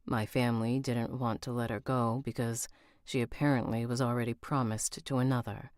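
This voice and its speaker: A woman's voice: a bass voice, level tone, moderate pace, darkish tone, no echo, studio quality. A woman reading as a charming rich young man. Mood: storytelling.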